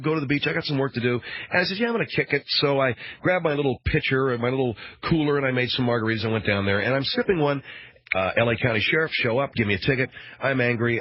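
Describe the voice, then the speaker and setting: A man's voice: medium pitch, dry recording. A man hosting a radio talk show, rambling through a sarcastic, mock-outraged monologue. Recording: dull, dry radio broadcast.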